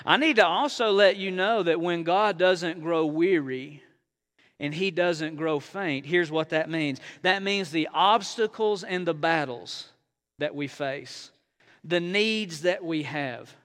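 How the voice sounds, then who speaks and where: Bright, high-voiced male preacher. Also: slow pace. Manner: conversational preaching with sudden rises and quiet drops; folksy, playful asides to the congregation. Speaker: pastor. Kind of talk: sermon. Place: church in front of a congregation.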